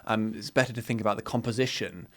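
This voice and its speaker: A man's voice: lowish voice, fairly even intonation, quick pace, fairly bright tone. A man hosting a podcast interview, talking in a conversational, thoughtful way with frequent fillers. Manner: conversational, thoughtful, uses fillers like "you know" and "um". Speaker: podcast host.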